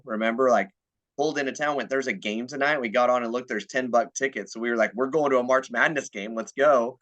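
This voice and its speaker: Laid-back guy on a sports podcast, middle-pitched voice, easygoing. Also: a bit bright. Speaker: podcast co-host. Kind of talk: casual sports chat.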